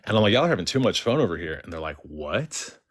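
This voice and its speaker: Man, lowish voice, casual storytelling, chatty, lots of fillers and restarts, acts out quotes. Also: racing. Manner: animated, quotes people in changing voices. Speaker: caller.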